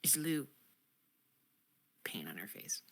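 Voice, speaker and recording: A woman voicing an earnest young spellcaster who is a devoted courtier, soft-spoken and halting. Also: a bass voice, husky, heavily acted. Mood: worried.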